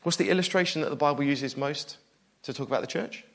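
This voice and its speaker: Man, middle-aged, preacher, sermon, fairly high voice, lively, self-deprecating, loud then hushed. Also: fast.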